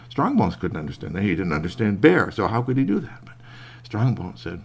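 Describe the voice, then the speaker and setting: A man telling a children's tale in a folksy, animated way. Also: fairly low pitch, a little fast, creaky, husky. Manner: lively, folksy, puts on voices for animals. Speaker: storyteller. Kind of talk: oral storytelling.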